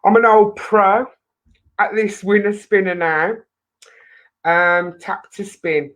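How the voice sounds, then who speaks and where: A woman's voice: mid-range voice, slow, pauses often, a bit bright, rough recording. A woman hosting a charity live stream, chatting loosely to viewers, rambling and laughing often into her webcam.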